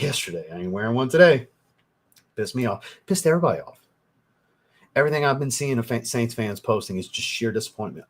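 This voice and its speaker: A young male fragrance reviewer, hosting an informal livestream, reads viewer comments in a mid-range, somewhat bright voice. As he gets riled up, he rambles on and swears.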